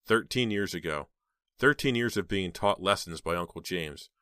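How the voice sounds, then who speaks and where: Very deep male narrator reading a horror novel, measured, dry close-mic sound. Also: lively intonation, sharp tone, no echo. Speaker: audiobook narrator. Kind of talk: scripted audiobook narration.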